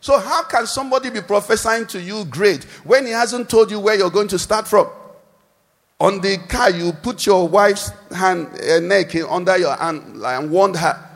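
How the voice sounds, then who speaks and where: A man preaching a sermon, animated, posing questions for the congregation to answer, recorded in a large church hall. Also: high-pitched, normal speed, gravelly. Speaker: pastor. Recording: echoey hall with long reverb.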